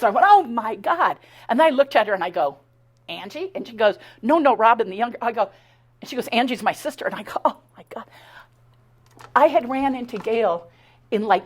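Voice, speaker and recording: A middle-aged woman giving a talk, telling her own story in an animated, conversational way, acting out the dialogue and often stumbling and restarting. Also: mid-range voice. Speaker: speaker giving a talk on her abduction experiences. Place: talk at a spiritual center.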